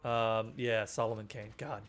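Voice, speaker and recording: A man's voice: lowish voice, steady tone, a little slow, a little hiss or hum. A young man giving casual commentary while playing a horror game, joking, swearing often and yelping at jump scares. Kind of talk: casual let's-play commentary.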